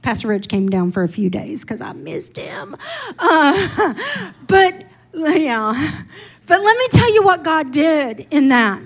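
Middle aged lady pastor, high pitched, slow and heartfelt preaching, gets emphatic. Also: sing-song, vocal fry, poor audio. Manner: candid, personal testimony with emphatic build-ups. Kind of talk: sermon.

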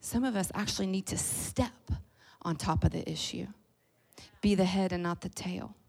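Animated Kentucky woman preaching a folksy sermon. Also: fairly low pitch, moderate pace, vocal fry. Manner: animated, folksy, swings between loud and soft.

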